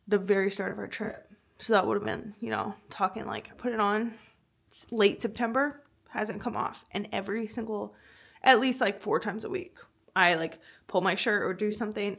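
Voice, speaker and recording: A woman's voice: mid-range voice, creaky, a bit bright. A woman vlogger chatting casually, rambling with lots of fillers and frequent laughs. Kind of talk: casual chat.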